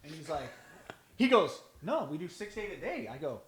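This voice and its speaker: A man's voice: a little high, sing-song, a little fast, echoey room. A man telling stories in a casual podcast chat, acting out both sides of each conversation. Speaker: band drummer, podcast regular.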